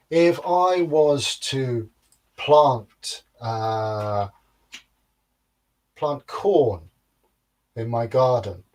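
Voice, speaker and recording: A man playing a slow, sly giant. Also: mid-range voice, a little mellow. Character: huge, menacing male giant.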